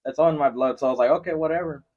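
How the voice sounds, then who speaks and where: A man, a guest on a podcast, telling a story in a lively casual chat with plenty of swearing. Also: medium pitch, far from the mic. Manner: fast, animated, profane storytelling. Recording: dull lo-fi sound.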